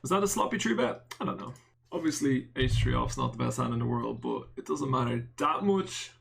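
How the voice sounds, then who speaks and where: A man's voice: medium pitch, expressive, a little fast, vocal fry, fairly bright tone. A man with an Irish accent giving casual live-stream poker commentary, bantering and answering chat with self-mocking jokes and the odd swear word. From Ireland.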